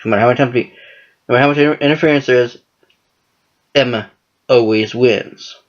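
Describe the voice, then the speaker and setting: A man's voice: medium pitch, a little fast. Guy ranting about wrestling plans, swears constantly, kinda muffled lo-fi audio. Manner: profane, rambling, heavy cursing. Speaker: wrestling fan commentator. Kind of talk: casual monologue. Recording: dull lo-fi recording.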